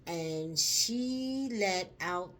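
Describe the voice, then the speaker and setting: This woman's lowish voice is expressive and fairly bright as she casually chats on her vlog. Her delivery is slow, forceful, and full of profanity, stretching words out, and she becomes emotional and choked up telling her story.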